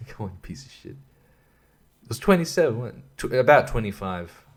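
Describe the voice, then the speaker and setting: Swearing man, low voice. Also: big pitch swings, normal speed. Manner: profane, exasperated ranting. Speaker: podcast host. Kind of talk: rambling casual monologue.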